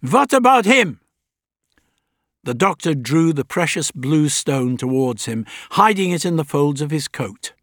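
A man reading a story aloud in a measured, dramatic narrating style. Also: fairly high pitch, dry recording, studio quality. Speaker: audiobook narrator. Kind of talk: scripted narration.

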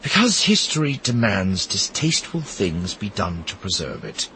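A man's voice: sits low, sing-song, moderate pace, bright, forceful tone, slight background noise, exaggerated voice, poor audio. A man voicing a weary, cynical ex-Imperial man who talks in a dry, sarcastic and theatrical way. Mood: bitter.

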